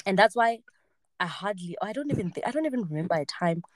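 A woman's voice: mid-range voice, fast, no room sound. Chatty woman in her twenties, dry sound. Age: 20s. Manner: animated storytelling, acts out quoted voices. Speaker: podcast host. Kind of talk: casual chat.

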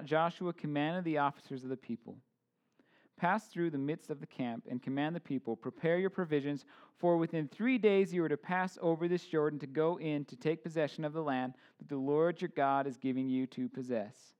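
A man's voice: a little high, fairly even intonation, normal speed, a little mellow. A man in his thirties preaching a casual sermon, informal, with joking asides and many fillers and restarts. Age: 30s. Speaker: pastor.

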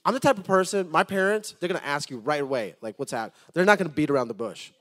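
A man preaching a sermon to his congregation, swinging from loud appeals to soft, hushed storytelling and repeating words as he starts a thought. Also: fairly high pitch, lively intonation, fast talker.

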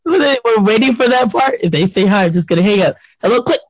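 A man co-hosting a podcast in casual chat, telling animated stories, acting out quotes and laughing often. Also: high-pitched, fast talker, no room sound, rough recording. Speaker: podcast co-host.

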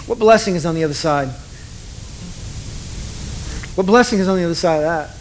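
A middle-aged male pastor delivers a sermon in a loose, conversational way, cracking jokes and slipping into quick impressions of the people he quotes. His voice sits high for a man. A faint hiss of background noise runs under the recording. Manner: casual, joking, acts out quoted voices.

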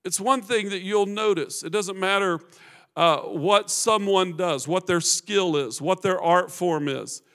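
A male pastor preaching a sermon. He tells stories quietly and builds to loud, fervent passages. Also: measured pace. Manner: rises to fervent loud preaching, drops low for storytelling. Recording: long hall reverb.

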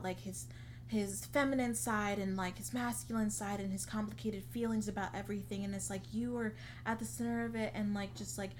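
A woman's voice: medium pitch, bright, forceful tone, a little hiss or hum. A young woman co-hosting a podcast, telling a long story in casual chat, saying "like" a lot and acting out what people said. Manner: chatty, heavy use of "like", acts out quotes. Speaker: podcast co-host.

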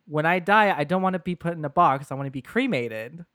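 A man quoting his elderly grandmother, who is deadpan and morbid, in a dry close sound. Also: low voice, a little fast, no room sound. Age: 80s.

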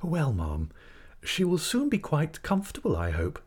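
A man voicing a mild, timid village doctor who speaks in a soft, placating way. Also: fairly high pitch, wildly swooping pitch, normal speed, breathy edge, voice pushed up, full character voice. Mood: meek placating.

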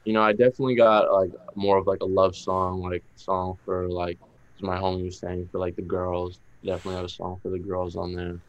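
A young man with a Boston accent, a musician talking casually in an interview, relaxed, with lots of "like" fillers. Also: deep voice, brisk, dull audio. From Massachusetts. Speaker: musician guest.

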